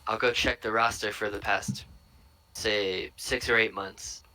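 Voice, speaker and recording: A man narrating as dungeon master in a relaxed, rambling way. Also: fairly low pitch, a little slow, a loud crowd, low-quality recording. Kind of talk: narrating a tabletop game.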